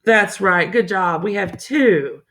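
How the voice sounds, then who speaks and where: A woman's voice: mid-range voice, slow pace, fairly bright tone. A woman teacher walking students through a poem in a recorded lesson, chatty and encouraging, talking to them directly.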